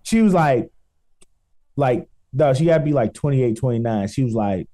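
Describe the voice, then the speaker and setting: A man's voice: medium pitch, moderate pace, dark tone. A man with a Chicago accent co-hosting a casual comedy podcast, telling stories in a laid-back, rambling way. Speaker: podcast co-host.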